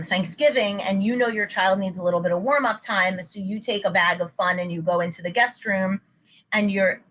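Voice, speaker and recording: A woman's voice: medium pitch, pushed and bright, muffled recording, slight background noise. A woman therapist giving a webinar lesson for parents, explaining and modeling upbeat praise phrases. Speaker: child anxiety therapist. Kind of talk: webinar presentation.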